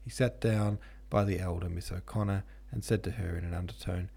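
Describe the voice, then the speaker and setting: Deep voiced guy reading a classic novel, husky and dark, steady pace. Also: brisk, hardly any pauses. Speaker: podcast host and audiobook reader. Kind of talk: scripted narration of a classic novel.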